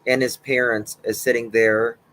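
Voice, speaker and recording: A man's voice: medium pitch, little pitch movement, moderate pace, fairly bright tone. A man co-hosting a casual livestream, agreeing along and reading out viewer messages. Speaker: livestream co-host.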